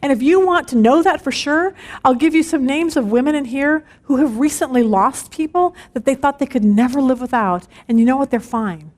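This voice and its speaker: A middle-aged woman leads a women's Bible study. Her voice sits high and bright, and she tells her stories in an animated way. She keeps checking in with the group as she goes. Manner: animated, storytelling with frequent "okay?" check-ins.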